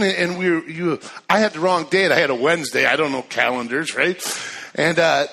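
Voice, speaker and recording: A man in his fifties, a guest preacher in a church, telling stories in an excitable, chatty way with many restarts. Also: on the high side, moderate pace, creaky. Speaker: guest speaker. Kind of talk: sermon with storytelling.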